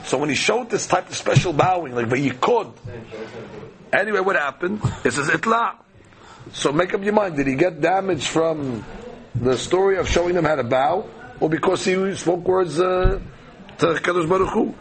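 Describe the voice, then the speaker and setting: A man's voice: sits high, moderate pace. Man teaching a Talmud class. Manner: reads Aramaic text then explains it in conversational English, repeats phrases. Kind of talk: daily Talmud class, reading and translating.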